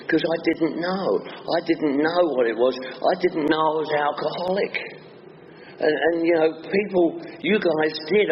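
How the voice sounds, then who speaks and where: A man's voice: a little high, background noise. A man with a Northwest London accent, telling his own recovery story to a meeting in a blunt, joking way with rhyming quips. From England. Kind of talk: personal recovery talk. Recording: dull, echoey hall recording.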